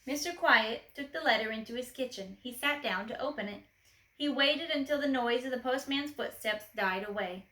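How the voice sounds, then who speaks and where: A woman reading a children's storybook aloud expressively, gently asking the listener questions. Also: fairly high pitch, normal speed, reverberant, low-quality recording.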